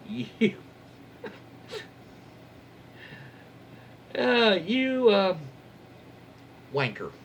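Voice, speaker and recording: A man's voice: medium pitch, a little hiss or hum. A man reading Reddit stories aloud as a YouTube host, casually breaking off for folksy, wry asides and jokes he censors himself. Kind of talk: casual story reading with commentary.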